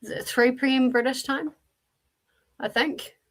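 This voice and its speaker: A woman's voice: high voice, fairly even intonation, measured pace. A woman with a New Zealand accent, hosting a casual livestream and chattily greeting viewers by name as she answers the chat. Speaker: livestream host.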